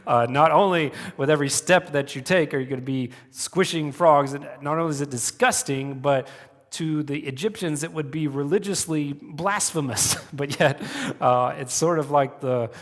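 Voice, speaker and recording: Chuckling man preaching in a reverberant church. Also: mid-range voice. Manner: conversational, chuckling asides, many fillers. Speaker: pastor. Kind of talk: sermon. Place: church sanctuary. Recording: long reverb of a church hall.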